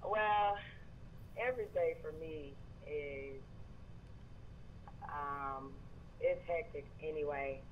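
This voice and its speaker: Man, Southern accent, chatty caller, somewhat high voice, dull line with light noise. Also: slow, pauses often. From Georgia, US. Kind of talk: phone-in conversation.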